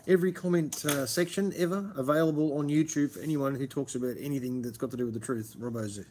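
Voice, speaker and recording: This man talks fast in a medium-pitched, slightly mellow voice, with a bit of background noise. Hosting a stream, he chats and rambles casually in a broad Australian accent, cursing freely and addressing everyone as mate.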